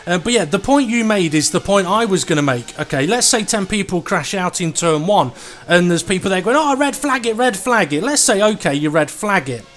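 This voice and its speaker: A man commentates a live race in a high, bright register. He talks casually between cars and speeds up with excitement when the battles get close. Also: fairly quick, few pauses. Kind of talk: live sim racing commentary.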